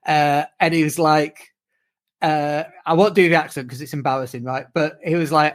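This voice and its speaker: British man, podcast co-host, tired, lively storyteller, fairly high voice. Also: moderate pace. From United Kingdom. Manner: swearing, animated storytelling with mimicked whoops. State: exhausted from jet lag. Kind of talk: casual chat.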